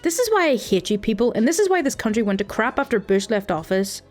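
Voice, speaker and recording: A woman's voice: fairly high pitch, big pitch swings, fast talker, soft background music. A woman voicing an indignant elderly man who argues with his bank over fees, in a storytime reading. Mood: angry. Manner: indignant, stubborn and accusing.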